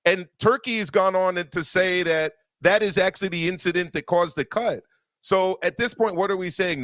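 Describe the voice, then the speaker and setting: Heated boxing show host guy, kinda high voice, dry close sound, keeps hammering his point. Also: fairly bright tone, no room sound. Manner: emphatic, heated, repeats words. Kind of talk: opinionated casual discussion.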